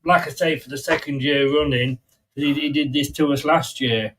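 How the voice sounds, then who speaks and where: Blunt English fan, sounding far off. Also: male voice, mid-range voice, fairly even intonation, a bit bright. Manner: blunt, banter-heavy, halting. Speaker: co-host. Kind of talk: casual football chat. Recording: distant from the mic.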